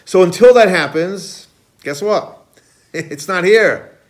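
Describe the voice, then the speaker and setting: A man teaching a Kabbalah class as a rabbi, animated, quizzing students and repeating key points. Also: sits high, takes it slowly. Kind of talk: classroom lecture.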